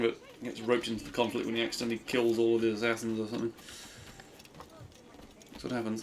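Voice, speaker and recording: A man's voice: mid-range voice, fairly bright tone, a little hiss or hum. A young man streaming a game, rambling and self-deprecating in casual commentary.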